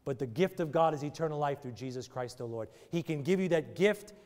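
A man's voice: fairly high pitch, lively intonation, a little fast, a little mellow. A man preaching a sermon and leading an altar call in a church, driving his points with emphatic, repeated rhetorical questions. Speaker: pastor. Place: church sanctuary. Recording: long church hall reverb.

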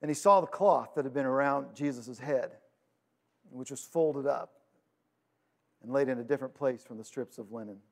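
A man preaching a sermon, retelling scripture with dramatic swings between loud urgency and hushed quiet. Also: mid-range voice, normal speed, gravelly, pauses often. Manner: storytelling, paraphrasing scripture. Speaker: pastor.

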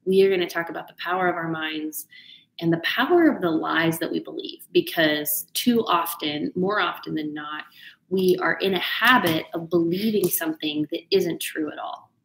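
Woman host, casual motivational chat, low gravelly voice, teasing; echoey room sound. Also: normal speed, a bit bright. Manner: chatty, teasing, laughs often. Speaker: host of a live video talk.

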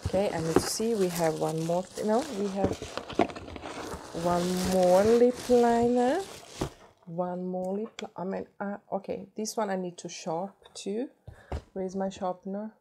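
A woman with a cold, chatting excitedly through a beauty unboxing and gushing over each product. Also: medium pitch, moderate pace, creaky, background noise. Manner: gushing, excitable, repeats herself. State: has a cold. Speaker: beauty vlogger. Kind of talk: unboxing chat.

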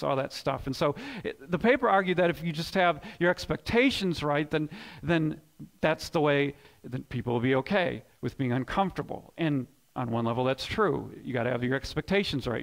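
A man preaching a sermon as pastor, swinging between loud emphatic bursts and hushed low lines, often repeating words as he builds a point. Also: vocal fry. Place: church sanctuary.

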